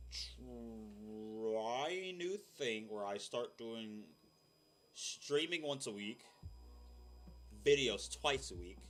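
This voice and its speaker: A young man, a streamer, chatting casually and rambling with lots of fillers in a deep voice. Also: a bit bright. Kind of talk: casual chat. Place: home room. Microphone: desk mic.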